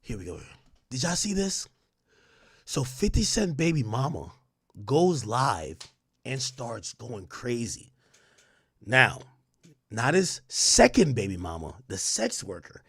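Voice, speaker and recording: Hoarse man ranting on stream. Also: mid-range voice, wildly swooping pitch, slow, long pauses, no room sound. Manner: loud heated trash talk, then hushed near-whisper. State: losing his voice. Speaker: livestream host. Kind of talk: ranting livestream commentary.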